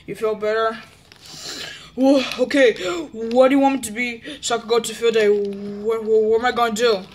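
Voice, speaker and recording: A woman acting out a classroom with toys, talking haltingly and repeating herself. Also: fairly high pitch, little pitch movement, a little hiss or hum. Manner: halting, repeats words and restarts often. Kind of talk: toy role-play as a teacher.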